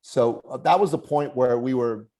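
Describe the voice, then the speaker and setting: A man's voice: mid-range voice, normal speed. A man in his forties, a podcast guest, telling a personal story in conversation and acting out the voices of the people in it. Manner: animated storyteller who acts out quoted voices.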